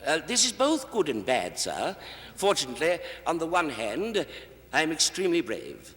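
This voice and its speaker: A man with a fairly high, bright voice performs a comic monologue as one side of a conversation. He is relentlessly deferential, calling his listener sir, and he stammers through nervous restarts with a lively, swooping pitch. Long hall reverb from a 1960s television stage hangs on every line. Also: moderate pace. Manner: overly polite and deferential, calls the listener sir. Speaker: comedian.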